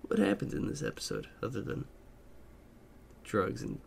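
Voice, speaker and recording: A man's voice: fairly low pitch, wildly swooping pitch, normal speed, gravelly, a little hiss or hum. A man co-hosting a podcast in casual chat, rambling with many fillers and swears. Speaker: podcast co-host.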